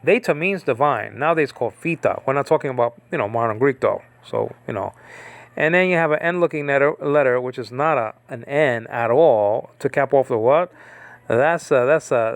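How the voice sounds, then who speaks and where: A man's voice: mid-range voice, gravelly, no room sound. A man giving a casual online lesson on biblical Greek letters, rambling and digressive, with many restarts. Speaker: Greek teacher.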